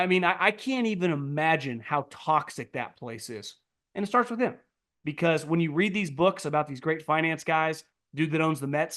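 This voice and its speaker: A man hosting a sports podcast, riffing in a blunt, profane, casual monologue full of "like" and restarts. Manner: jumps to loud, high mocking outbursts.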